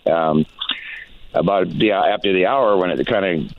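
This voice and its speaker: A man calling a radio show on a tinny phone line, his voice deep and low. He tells his story plainly, with pauses and restarts. The line sounds thin and compressed. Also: a little hiss or hum. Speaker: caller. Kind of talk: phone-in call.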